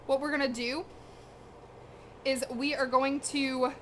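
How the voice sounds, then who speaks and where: She speaks slowly in a high voice with a flat delivery, and slight background noise can be heard. This young cooking streamer chats casually with viewers from her home kitchen as she cooks, slangy and direct, talking straight to her chat while a little out of breath.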